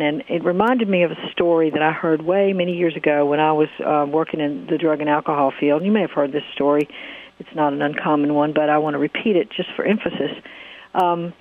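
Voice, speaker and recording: A woman's voice: low-pitched, fairly even intonation, brisk. A woman hosting a radio talk show, telling a story in an easy, hesitant way with many fillers. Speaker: radio show host and counselor. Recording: phone-like narrow sound.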